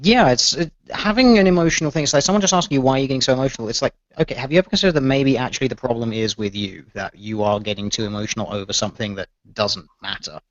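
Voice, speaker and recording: A man of middle pitch argues on a podcast, stacking rhetorical questions. His audio is dry and dull, with a lo-fi edge. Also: quick pace, hardly any pauses, no room sound. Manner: argumentative, building points with rhetorical questions. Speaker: podcast co-host. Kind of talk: casual panel chat.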